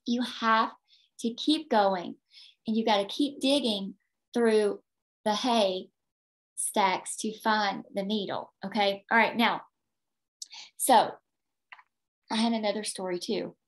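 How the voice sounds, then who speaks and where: A woman's voice: mid-range voice, slow pace, long pauses. A woman leading a motivational sales team training over a video call, emphatic, repeating her points and checking in with "okay?".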